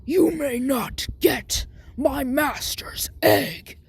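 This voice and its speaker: A woman voicing a hulking male ogre guard who talks in a raspy, whispered shout and mocks his foe. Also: sits high, extremely slow, full character voice. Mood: threatening.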